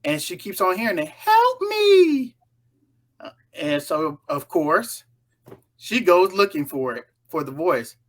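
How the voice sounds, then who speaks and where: Animated woman acting out a film recap. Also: low voice, unhurried. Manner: animated, acts out the characters' lines. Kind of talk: casual spoken film recap.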